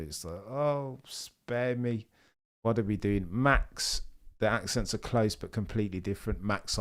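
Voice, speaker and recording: A young man hosting a live watchalong stream, chatting casually and answering viewers' messages. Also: sits low. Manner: chatty, reads chat messages aloud and answers them. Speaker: livestream host.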